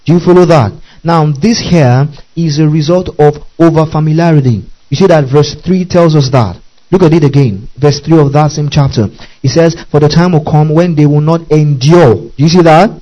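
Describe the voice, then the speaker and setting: Mellow-voiced man preaching a sermon. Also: a little high. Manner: keeps checking in with the congregation; reads scripture slowly and deliberately. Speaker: pastor. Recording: dull lo-fi recording.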